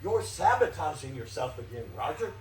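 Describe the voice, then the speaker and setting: An actor playing a harried, desperate theater staffer who scolds with exasperated insistence, in a live stage play. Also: male voice, fairly high pitch, sing-song, normal speed. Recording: echoey stage, distant mic, faint hiss.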